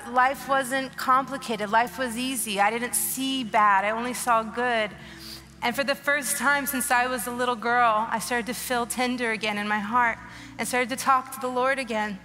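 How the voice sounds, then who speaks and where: A woman's voice: on the high side, steady tone, normal speed, a little hiss or hum. A woman in her thirties giving an emotional, earnest testimony sermon on a church stage, urging the crowd with rising urgency. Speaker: guest speaker. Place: large church auditorium. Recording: long hall reverb with soft music behind.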